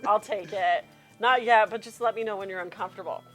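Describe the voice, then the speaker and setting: A woman hosting a casual podcast interview, excitable and gushing, swearing freely. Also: mid-range voice, brisk, music in the background. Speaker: podcast host.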